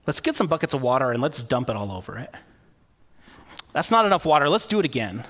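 A man voicing the prophet Elijah in a sermon retelling, bold, challenging and excited. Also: medium pitch, fast talker. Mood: confident. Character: eager, chatty biblical prophet Elijah, man.

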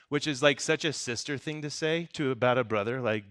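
A pastor gives a casual sermon and reads scripture aloud, speaking conversationally, joking and often breaking into laughter. His medium-pitched voice is clean and fairly quick with few pauses, swinging between soft, quiet passages and loud emphasis.

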